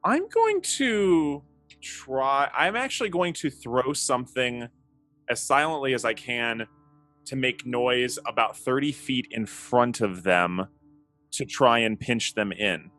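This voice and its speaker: A man playing a tabletop game, talking in a playful, animated way. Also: mid-range voice, unhurried, faint music behind. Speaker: player.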